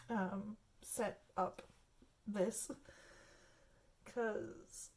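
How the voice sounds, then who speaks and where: Woman talking thru her baking on a phone cam, mellow tone, chatty, lots of um and like. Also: medium pitch. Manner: chatty, rambling, laughs often, many fillers. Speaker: home cooking vlogger. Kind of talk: casual cooking demo. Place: home kitchen. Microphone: phone camera.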